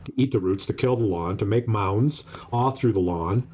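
A man's voice: on the low side, moderate pace, dark tone, a little hiss or hum. A man co-hosting a podcast in casual comedic chat, telling profane, ranting stories. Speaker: podcast co-host.

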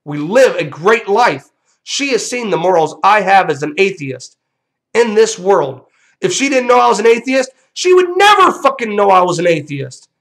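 A man's voice: sits high, big pitch swings, moderate pace, a bit bright. A young man hosting a vlog, delivering a profane, combative rant straight to viewers. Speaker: channel host.

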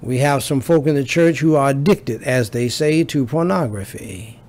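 A man's voice: mid-range voice, normal speed, darkish tone. A man preaching a sermon as pastor, building emphasis through repetition.

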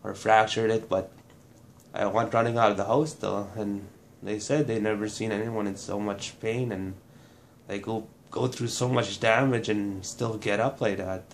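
A man from Manitoba, Canada, giving a personal testimony in a halting, restarting way, blunt and swearing at times. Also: on the low side, fairly even intonation, slight background noise. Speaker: burn survivor telling his story.

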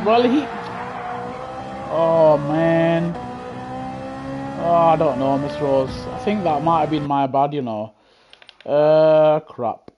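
Man, British accent, young adult, excitable, chatty, live gameplay commentary, headset mic. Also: a little high, slow, pauses often, muffled recording, over music. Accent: British English. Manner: chatty, excitable, talks to chat. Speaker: gaming livestreamer. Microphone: gaming headset.

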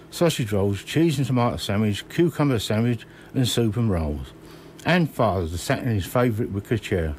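A man in his sixties from Kent, reading his own memoir slowly and measuredly in a radio studio. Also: mid-range voice, a little mellow, slight background noise.

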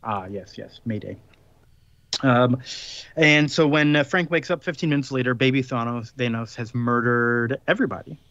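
Casual male podcast co-host, rambly storyteller with fillers, mid-pitched, muffled dry mic. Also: a bit bright, no room sound. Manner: rambling recap with frequent fillers and quick laughs. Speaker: podcast co-host recapping comics. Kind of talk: casual chat.

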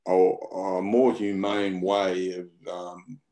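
A man's voice: sits low, flat delivery, slow, dark tone. An Australian man talking in a casual interview, rambling and blunt, often repeating his words and using slang. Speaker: interview guest. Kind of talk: casual conversation.

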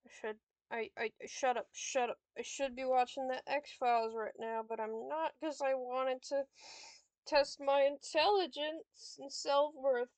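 A young woman playing a board game against the computer, swearing, yelling and muttering at it in frustration. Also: high voice, fairly even intonation, unhurried, no echo. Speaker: gamer. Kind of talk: swearing gameplay commentary.

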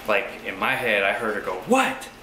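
A young man animatedly telling a funny story with his wife, laughing and acting out the yelling. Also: fairly low pitch, fast talker. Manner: animated, laughing, acts out yells. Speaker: vlogger, husband. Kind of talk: casual storytelling. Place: home kitchen. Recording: echoey room with background noise.

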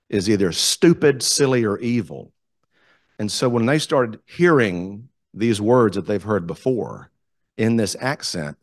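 Low-voiced Southern man telling stories. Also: dry recording, studio quality. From South Carolina, US. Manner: animated, enthusiastic storyteller. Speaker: guest speaker, community theater director. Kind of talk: storytelling talk to a club.

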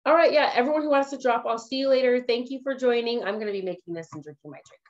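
A woman trainer hosting a casual live tutorial, chatting excitedly and laughing at herself as she works. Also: fairly high pitch, very fast, lo-fi sound. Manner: excitable, giggly, self-amused chatter.

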